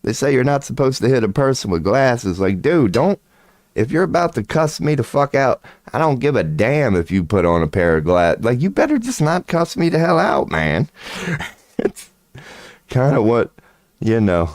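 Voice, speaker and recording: Clean, dry studio sound carries this channel host's medium-pitched, very animated voice, delivered at a moderate pace with a darkish tone. His rambling, casual monologue is crude, swaggering and profanity-laced, often broken by laughter mid-sentence.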